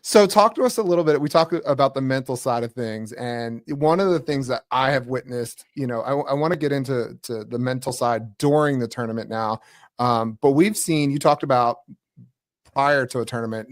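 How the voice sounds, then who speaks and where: A man's voice: mid-range voice, brisk, no room sound, studio quality. A man hosting a golf podcast, asking long conversational questions. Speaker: podcast host. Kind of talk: podcast interview.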